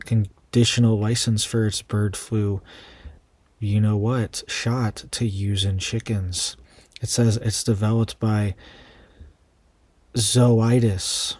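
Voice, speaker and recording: A man's voice: on the low side, a little mellow, no echo. A man hosting an online news commentary channel, reading out quoted reports and adding casual asides to his viewers.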